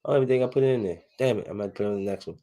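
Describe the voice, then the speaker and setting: A podcast host rants alone on his casual show, racing along as he tells animated stories. His slangy, joking delivery lurches between loud outbursts and low muttering, and he laughs often.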